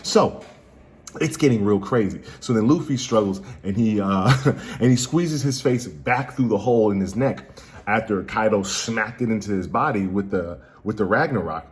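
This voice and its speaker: Slangy, excitable man recapping spoilers. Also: on the low side, normal speed. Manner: slangy, excitable, jokey asides. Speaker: anime channel host. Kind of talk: casual manga spoiler recap.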